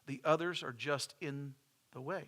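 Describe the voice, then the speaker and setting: A man's voice: on the high side, measured pace, fairly bright tone. A middle-aged man, preaching a sermon in church with folksy stories and phrases repeated for emphasis. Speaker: pastor.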